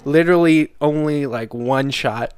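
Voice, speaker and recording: A man's voice: a little high, unhurried, darkish tone, smooth. A young man co-hosting a casual podcast at home, joking around and swearing freely. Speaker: podcast co-host.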